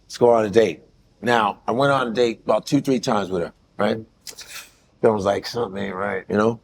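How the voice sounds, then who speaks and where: A man from Nigeria, a guest on a talk show, telling a dating story in a blunt, profane, animated way. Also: lowish voice, brisk, gravelly, a little hiss or hum. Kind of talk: casual storytelling.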